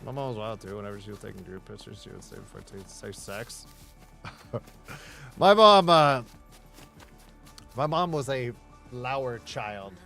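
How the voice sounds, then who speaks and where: A man's voice: medium pitch, measured pace, gravelly, long pauses, a bit bright, faint music behind. A man streaming a game, rambling in casual chatter, swearing and laughing often.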